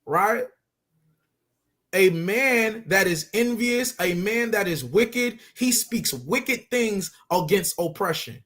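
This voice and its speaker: A man teaching scripture in loose street talk, pressing each point with emphasis and repeated phrases. His voice is high for a man. He keeps it conversational, speaking to a partner. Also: animated, slow, bright, forceful tone. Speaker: religious teacher.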